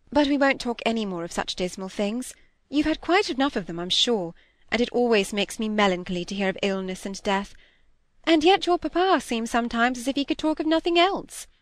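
A woman's voice: on the high side, no echo, clean studio sound, close to an everyday voice. A woman reading aloud and voicing a fussy, self-absorbed middle-aged stepmother who chatters and brushes off objections. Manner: chattering, dismissive, sharp.

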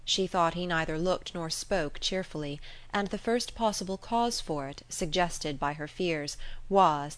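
A woman narrating a classic novel in an even, measured reading. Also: fairly low pitch. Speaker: audiobook narrator. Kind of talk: scripted narration.

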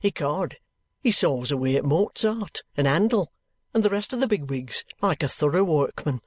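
A man voicing a genial, ingratiating middle-aged male detective who talks in a slow, coaxing, colloquial way. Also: on the high side, lively intonation, no room sound.

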